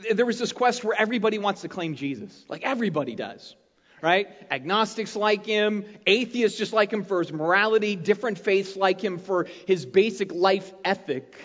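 A man preaching a sermon as pastor, talking in an animated, conversational way and checking in with his listeners often. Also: high voice, normal speed. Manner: conversational, animated preaching with frequent "right?" tags. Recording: muffled, long hall reverb.

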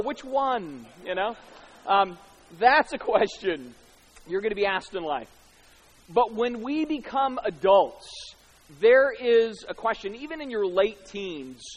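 Male preacher, very high voice, chatty sermon delivery, long hall reverb. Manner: conversational, tag questions, acts out quoted voices.

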